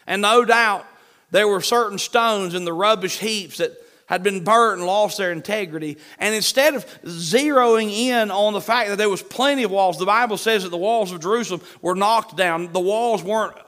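High-voiced emphatic male preacher. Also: normal speed. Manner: emphatic, animated preaching with shifting pace. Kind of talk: sermon.

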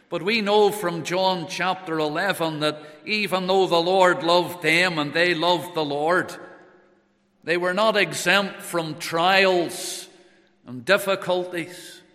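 A male preacher with a high, bright voice delivers a slow, measured sermon. His words ring out with a long reverb in a church hall. He reads scripture aloud in old English between his reflections.

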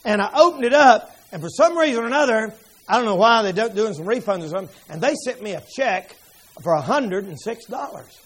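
A man pastor telling stories in a revival sermon, folksy and fervent, breaking into shouts. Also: high-pitched, expressive, fairly quick, breathy edge. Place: church sanctuary.

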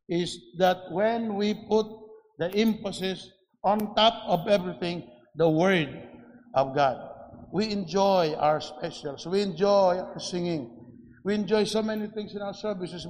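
A man preaching a sermon in a church, slow and deliberate, with frequent restarts and fillers. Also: high-pitched, darkish tone. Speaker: pastor. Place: church sanctuary. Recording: echoey church hall.

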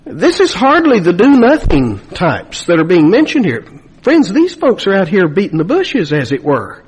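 A man's voice: high voice, wildly swooping pitch, normal speed, slightly rough. A pastor in his fifties, a man preaching an emphatic sermon full of rhetorical questions.

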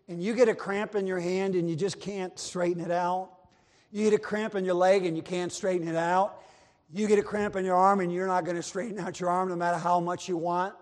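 A man preaching a sermon emphatically, with repeated phrases and a story told from the pulpit. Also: sits high. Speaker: Baptist preacher. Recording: long reverb of a large hall.

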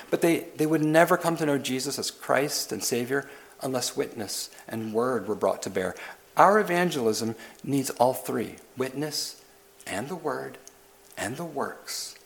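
A man's voice: medium pitch, creaky. A man preaching a sermon as pastor, pressing his listeners with questions and repeated lists. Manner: questioning, building emphasis through repetition.

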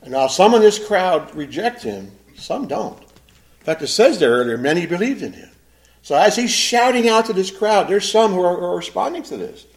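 A male pastor delivering a sermon in a lively, animated way. His voice sits a bit high for a man and swings widely in pitch. He leans on emphatic pauses and repeats phrases for effect.

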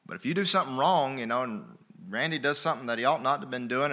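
A man's voice: medium pitch, lively intonation, fast, hardly any pauses, sharp tone. A man preaching a sermon as pastor, folksy and emphatic, firing rhetorical questions at the congregation.

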